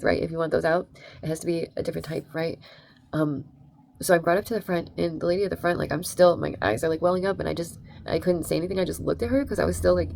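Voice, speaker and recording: A woman's voice: fairly low pitch, gravelly, warm tone. A young adult woman telling a rambling, emphatic story in a casual vlog, full of "like" and "right?". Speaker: vlogger.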